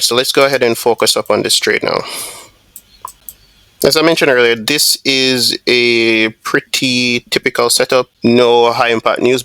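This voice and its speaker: A man's voice: medium pitch, a bit bright, no room sound. A man hosting a trading video, casually thinking aloud through a live trade with frequent fillers and restarts. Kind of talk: live screen-share trade commentary.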